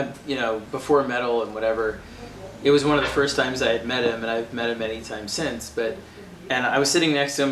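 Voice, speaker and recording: Rambling, animated man at a live shop event. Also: mid-range voice, a little hiss or hum. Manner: animated, rambling, laughs easily. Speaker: comics writer, guest. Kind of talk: casual chat at a live event. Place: comic shop event room. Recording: roomy, distant mic, faint ambience.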